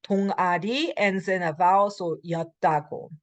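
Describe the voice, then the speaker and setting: A woman with an American English accent giving a recorded grammar lecture as a language instructor. She reads short example sentences quickly, then explains them slowly with many fillers. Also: lowish voice, fairly even intonation, dry recording.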